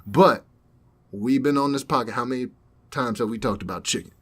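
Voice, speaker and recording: This young podcast co-host has a mid-range voice and talks slightly quickly, with a bit of background noise. He narrates a story animatedly in easygoing chat, impersonating the people he quotes.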